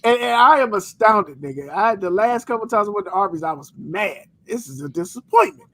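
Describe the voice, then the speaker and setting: A man co-hosting a podcast, telling a story as an animated, profane rant in casual chat. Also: sits high, brisk. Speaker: podcast co-host.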